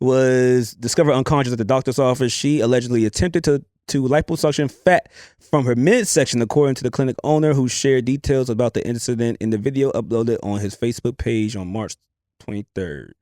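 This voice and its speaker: A man's voice: mid-range voice, a little fast, no room sound, studio quality. A man co-hosting a casual podcast, bantering with jokes and swearing. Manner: animated, joking, profane banter. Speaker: podcast co-host.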